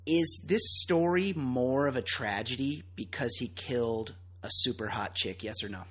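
Husky, opinionated man co-hosting. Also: medium pitch, normal speed. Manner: loud, opinionated, profane and laughing. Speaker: podcast co-host. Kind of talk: casual podcast banter.

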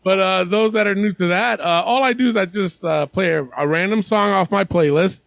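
A man's voice: high voice, fairly quick, creaky, a bit bright, no echo. A man hosting a wrestling podcast in casual, profane banter, laughing often. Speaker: podcast host. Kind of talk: casual chat.

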